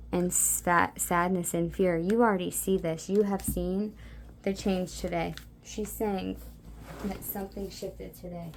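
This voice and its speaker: A woman giving a soft, meandering spiritual card reading, talking intimately to her listeners with many fillers. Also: fairly low pitch, slight background noise. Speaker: tarot card reader.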